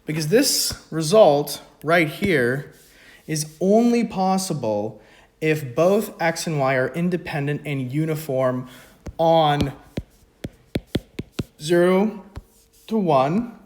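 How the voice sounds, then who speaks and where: A man's voice: fairly high pitch, lively intonation, slow, pauses often, darkish tone. A man talking through an economics math problem in a casual lesson, with joking, self-mocking asides between steps. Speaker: economics video tutor. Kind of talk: casual spoken math walkthrough.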